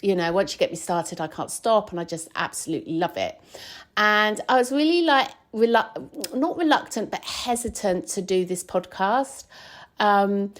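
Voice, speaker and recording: A woman's voice: medium pitch, expressive, normal speed. A woman hosting her podcast, chatting casually and rambling with many fillers and restarts while travelling. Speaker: podcast host. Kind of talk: casual chat. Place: recorded on the road while travelling.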